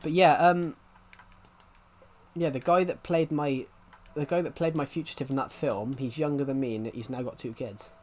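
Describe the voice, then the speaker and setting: A man's voice: on the high side, fairly even intonation, normal speed, darkish tone. Rambling young man streaming games. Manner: rambling, frequently restarting sentences. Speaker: game streamer. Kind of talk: casual live-stream chat while playing.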